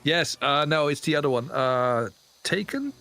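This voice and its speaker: A man's voice: a little high, animated, measured pace, sharp tone. Man chatting, laughing, fumbling for words. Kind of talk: casual chat on a stream.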